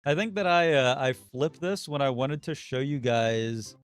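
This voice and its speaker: A man's voice: medium pitch, measured pace, smooth, faint music behind. A man casually thinking aloud while live streaming a video game, his throat getting a little sore. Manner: relaxed, muttering and thinking aloud while playing.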